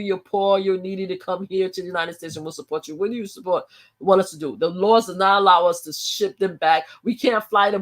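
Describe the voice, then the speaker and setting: A woman's voice: mid-range voice, a bit bright. A woman hosting a live stream, talking casually in an emphatic, heated way and often repeating and restarting her phrases.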